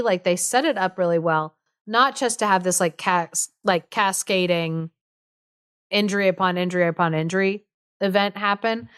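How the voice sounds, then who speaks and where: A woman's voice: medium pitch, clean tone, no echo, clean studio sound. Giggly, chatty woman podcast host. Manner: chatty, giggly, heavy on fillers. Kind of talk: casual storytelling chat.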